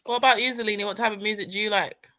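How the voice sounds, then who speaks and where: A woman's voice: mid-range voice, steady tone, racing, bright, forceful tone, no room sound. A woman from Liberia on a live panel, teasing and arguing with the others and laughing as she pushes them. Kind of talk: casual panel chat.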